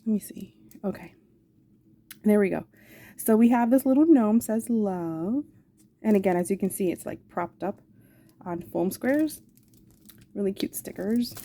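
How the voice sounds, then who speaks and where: Speaking at a measured pace with long pauses, this woman in her forties has a mid-range, expressive, mellow voice. She hosts a craft channel, fondly showing off supplies in a casual show-and-tell full of rambling asides.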